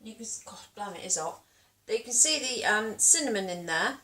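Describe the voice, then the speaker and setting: A woman's voice: medium pitch, expressive, a little fast, sharp tone. A British woman vlogging casually at home, chatting in a rambling way while cooking and tasting. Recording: echoey room, voice from a distance.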